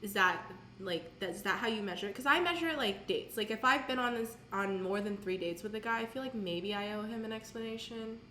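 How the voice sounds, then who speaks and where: A woman's voice: medium pitch, brisk, hardly any pauses, reverberant, a little hiss or hum. A woman in her twenties co-hosting a casual podcast, telling candid stories with plenty of laughs and swearing. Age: 20s. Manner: candid, animated storytelling with laughs and profanity. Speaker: podcast co-host. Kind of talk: casual chat.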